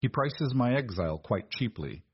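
A man reading the part of a proud, stern working man with a gruff, growling delivery. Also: mid-range voice, expressive, normal speed, no room sound, highs cut off, voice pushed up. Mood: defeated.

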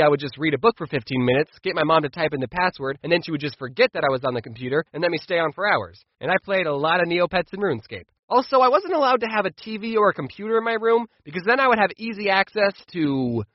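A man telling comic childhood stories in an animated, playful way, slipping into quoted voices. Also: high voice, dry recording, highs cut off. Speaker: storytime YouTuber. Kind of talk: comedic storytelling.

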